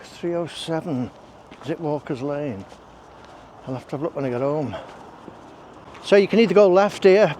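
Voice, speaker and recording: With a slightly high voice and background noise, a man narrates a casual walk outdoors on roads and country paths. As a walking vlogger, he rambles through asides and breathes heavily between them.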